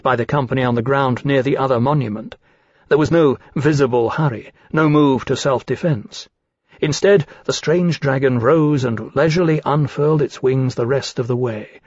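A man narrates a novel in a measured, steady voice of middle pitch. The recording is close and dry, with a slightly dull, muffled top end. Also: dry recording. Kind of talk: audiobook narration. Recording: dull dry studio sound.

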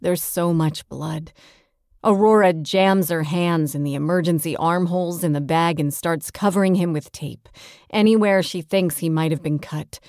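A woman reading a first-person audiobook with steady, tense storytelling. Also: on the low side, normal speed, no room sound, studio quality. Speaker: audiobook narrator.

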